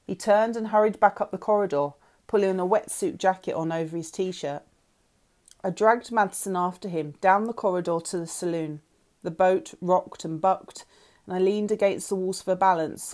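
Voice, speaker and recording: A woman, a teacher reading chapters of a novel aloud to her class with expressive storytelling. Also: lowish voice.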